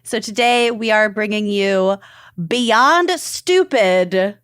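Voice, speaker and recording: A woman's voice: mid-range voice, takes it slowly, fairly bright tone, clear, resonant tone, dry recording, clean studio sound. A woman co-hosting a casual podcast chat, giggly and easily amused, from Minnesota. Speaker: podcast co-host.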